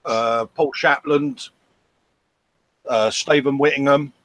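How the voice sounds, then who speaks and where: A man's voice: medium pitch, steady tone, takes it slowly, fairly bright tone, no room sound. Male co-host, laid-back and jokey, casual stream banter. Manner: easygoing, joking. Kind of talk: casual live stream chat.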